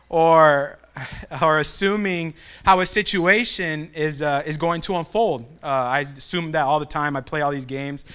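A young man with a bright, forceful voice gives a devotional talk. He tells a childhood story with animated energy and acts out the family voices. His voice sits a bit higher than most men's. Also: clear, resonant tone.

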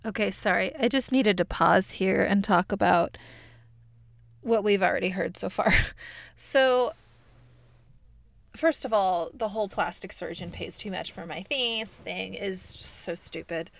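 A woman hosting a casual movie review podcast, chatty and expressive, talking in a put-on Midwestern accent. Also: mid-range voice, measured pace, gravelly. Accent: fake Midwestern. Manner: expressive, chatty, laughs often. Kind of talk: casual chat.

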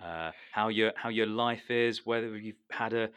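A man's voice: lowish voice, normal speed, fairly bright tone, clear, resonant tone, no echo. A man co-hosting a comedy podcast, rambling with lots of stammered restarts. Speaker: podcast co-host.

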